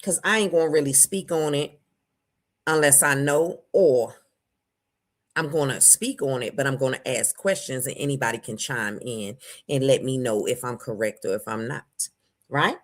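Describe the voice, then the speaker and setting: A woman hosting a casual livestream, greeting viewers by name, her voice jumping between loud bursts and low asides. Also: moderate pace. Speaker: livestream host.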